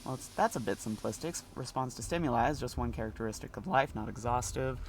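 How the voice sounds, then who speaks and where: A man commenting on a video game as he plays, reading characters' lines aloud. His voice sits at an ordinary middle pitch, and he stays playful and animated, often joking between lines. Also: fast talker, slight background noise. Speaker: streamer. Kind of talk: let's play commentary.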